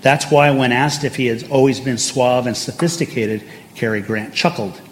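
Older male preacher in a relaxed storytelling sermon, full of asides; faint background noise. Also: medium pitch, normal speed. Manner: conversational and anecdotal, with asides. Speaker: pastor.

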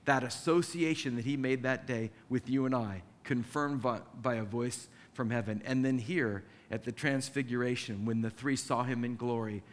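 A man's voice: medium pitch, steady tone, normal speed, few pauses, long reverb tail. A male pastor delivering a sermon in a conversational way, acting out the scripture passages he quotes.

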